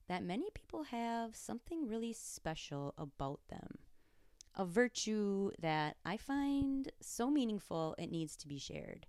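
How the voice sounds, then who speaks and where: A woman hosting a podcast, giving a scripted introduction in a clear, measured way. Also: sits low, darkish tone, no room sound, studio quality. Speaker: podcast host.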